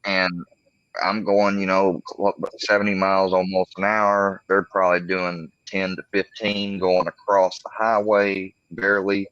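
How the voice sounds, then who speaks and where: A man with a very low, bright, forceful voice, talking in a halting, rambling way on a casual livestream panel. The recording is dry and a little dull and lo-fi. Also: little pitch movement, smooth, dry recording.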